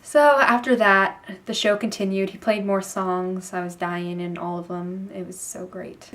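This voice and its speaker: A young woman vlogging, telling a story in a gushing, excited way with lots of fillers. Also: mid-range voice, unhurried. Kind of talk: casual storytelling to camera.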